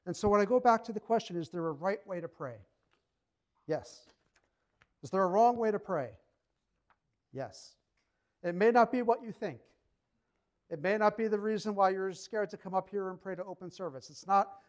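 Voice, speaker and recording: A man's voice: high voice, moderate pace, long pauses. A man preaching a sermon in a conversational, emphatic way, acting out short quotes as he goes. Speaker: pastor.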